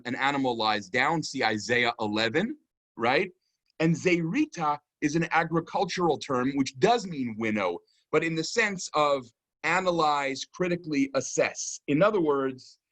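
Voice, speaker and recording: A man, lecturing as a rabbi on a psalm in a thoughtful, explanatory way, often pausing with "um" and checking in with "right?". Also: fairly high pitch, a bit bright. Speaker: rabbi teaching a keynote lecture.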